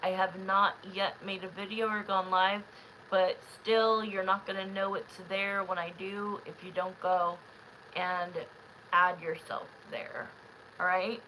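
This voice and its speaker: A woman's voice: medium pitch, flat delivery, unhurried, pushed and bright, a little hiss or hum, rough recording. A young woman doing tarot readings on a live stream, talking in a chatty, emotional way and often repeating herself. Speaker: tarot reader.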